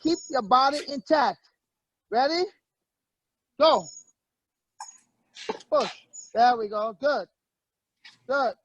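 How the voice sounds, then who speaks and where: High-voiced man coaching a workout. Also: takes it slowly, long pauses, dry recording. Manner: energetic, barks short encouraging commands. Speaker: fitness coach. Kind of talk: leading a workout session. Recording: muffled lo-fi, dry recording.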